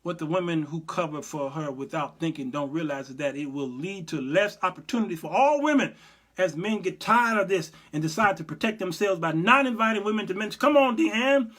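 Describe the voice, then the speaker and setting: Animated preachy man on a livestream. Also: high-pitched, brisk. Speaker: host and Bible teacher. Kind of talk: livestream commentary.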